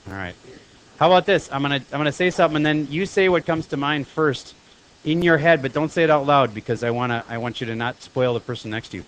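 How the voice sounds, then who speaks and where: A man teaching a high school math class, lecturing in a chatty way and firing quick questions at his students. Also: a bit bright, poor audio.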